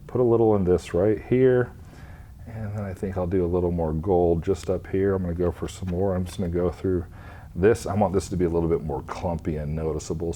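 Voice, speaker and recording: A man, a craft instructor, talking through an epoxy resin demonstration step by step in a relaxed way. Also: sits low.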